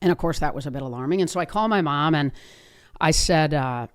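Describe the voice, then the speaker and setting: A woman's voice: sits low, a little fast. A woman in her fifties hosting a podcast, telling a personal story in an earnest, conversational way with frequent restarts. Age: 50s. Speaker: podcast host.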